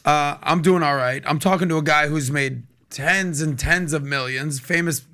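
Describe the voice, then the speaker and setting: Cheering on his guest, this US podcast host keeps the casual conversation lively and agreeable. His voice is fairly high in pitch and moves at a normal speed.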